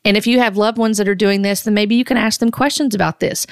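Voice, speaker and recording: A middle-aged woman hosting a critical commentary on prophecy videos, speaking earnestly and deliberately, often restarting her sentences. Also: mid-range voice, fairly even intonation, clear, resonant tone, dry recording. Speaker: host.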